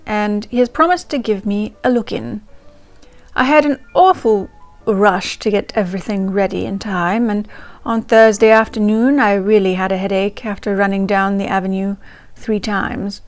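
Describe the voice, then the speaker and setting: A woman's voice: medium pitch, moderate pace, lightly acted. Woman putting on a chatty 1920s English diarist. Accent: put-on English. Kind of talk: reading a diary aloud. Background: faint ragtime music.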